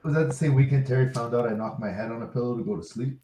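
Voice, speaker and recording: A man co-hosting a podcast, chiming in with excitable jokes in casual chat. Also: mid-range voice, rapid-fire, slight background noise, rough recording. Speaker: podcast co-host.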